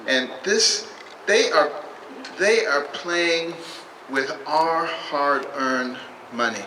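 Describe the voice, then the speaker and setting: Man, campaign speech, short emphatic phrases, slightly high voice, distant echoey noisy recording. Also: extremely slow, bright, forceful tone. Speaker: political candidate. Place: public rally at a state capitol.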